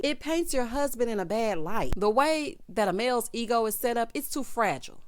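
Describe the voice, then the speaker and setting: A woman's voice: a little high, brisk, few pauses, dry recording. Sassy woman recapping reality TV. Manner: sassy, gossipy, says "honey" and "child" often; animated, bursts into loud laughter. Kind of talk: casual reality show recap commentary.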